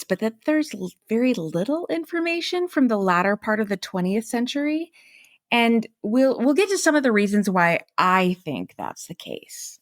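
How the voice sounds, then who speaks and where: A woman's voice: medium pitch, no echo, studio quality. A woman hosting a podcast, reading scripted narration in a chatty, self-deprecating way with laughing asides. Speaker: podcast host.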